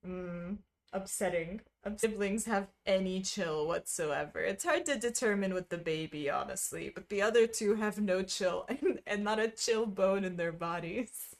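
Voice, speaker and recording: A woman's voice: medium pitch, moderate pace. A woman streaming casually, chatting with viewers while she stitches, full of wry asides and frequent laughter.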